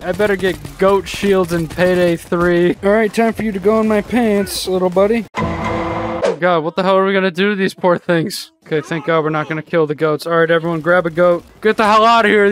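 Young male gaming YouTuber, high-pitched, rowdy and jokey, barks at teammates. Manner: rowdy, joking, shouts at teammates. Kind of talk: excited gameplay commentary.

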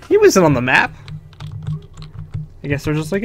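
A man's voice: fairly high pitch, wildly swooping pitch, normal speed, pauses often. Swearing young man narrating his gameplay. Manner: swearing, chuckling, talking to himself. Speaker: gaming video host. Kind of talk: casual let's-play commentary.

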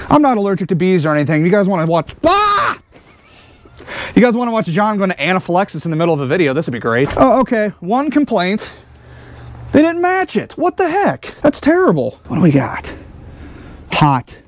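A man hosting a casual vlog outdoors beside a vehicle, excitable and full of jokes. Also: sits high, brisk. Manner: excitable, joking, wisecracking. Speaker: host.

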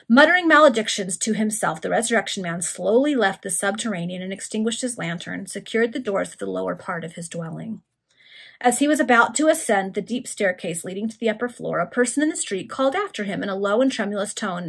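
Breathy woman reading a novel aloud. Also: mid-range voice, a little fast. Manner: reacts to the story with asides. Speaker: reader. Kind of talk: informal read-aloud of a novel with asides.

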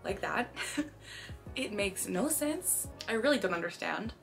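A woman's voice: medium pitch, lively intonation, a little slow, vocal fry, fairly bright tone, soft background music. A young woman from Canada talking casually to camera in a vlog, chatty, with sudden phrases blurted out between sentences. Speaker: vlogger.

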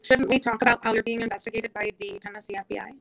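Woman, caller, high voice, quick, probing questions. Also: steady tone, gravelly, fairly bright tone, no echo, poor audio. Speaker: caller on a live stream. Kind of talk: casual conversation.

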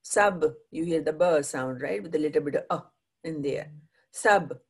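Low husky woman teaching sounds. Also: moderate pace. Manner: patient, drills pronunciation with repeat-after-me prompts; frequent "right?" checks. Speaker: Punjabi language teacher. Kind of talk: classroom language lesson.

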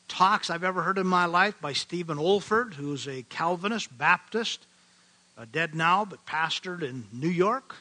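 Older man, midwestern pastor, high bright voice, earnest emphatic sermon delivery. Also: poor audio. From American Midwest. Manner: earnest, emphatic preaching with slow stressed phrases.

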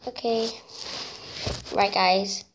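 A young woman giving chatty, excitable gameplay commentary, nervous and talkative, recorded on a phone. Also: mid-range voice, extremely slow, slight background noise. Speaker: gamer. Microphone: phone screen-recorder mic.

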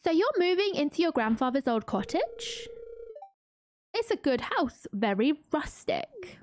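A woman's voice: high-pitched, big pitch swings, measured pace, darkish tone, slight background noise. A woman voicing an older male town mayor who greets a new resident in a farming game. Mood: welcoming. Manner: formal, chatty welcome.

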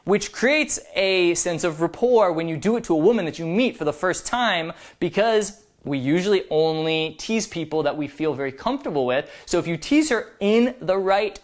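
A man's voice: high voice, animated, normal speed, few pauses. A man as a dating coach giving scripted video advice in a confident, instructive way. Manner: confident, instructive, emphatic counting-down delivery.

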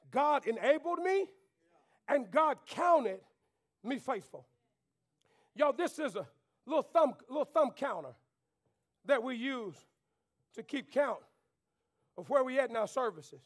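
A man. He builds to fervent shouts and falls back to quiet, intense lines. He keeps urging the pews to answer him. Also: very high-pitched. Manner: preaching with call-and-response, swings between shouting and quiet. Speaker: pastor. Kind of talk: sermon. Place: church sanctuary.

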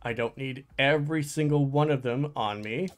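A gaming channel host gives casual let's play commentary in a mid-range voice at normal speed. As he plays, he talks to himself, sounding frustrated and breaking into outbursts and exclamations.

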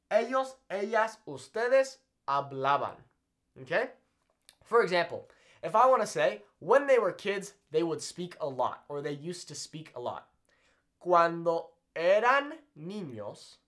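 Male teacher at a whiteboard, very animated intonation, patient and repetitive, checks in with viewers. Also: fairly high pitch. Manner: checks in often with "okay?" and repeats examples slowly. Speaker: Spanish teacher. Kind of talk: whiteboard language lesson. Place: indoors at a whiteboard.

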